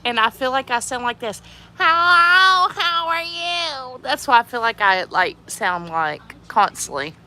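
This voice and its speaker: Her voice fairly high and childlike, a young woman reads out livestream comments at a normal pace with few pauses. She keeps things casual, giggling, laughing often and staying animated throughout.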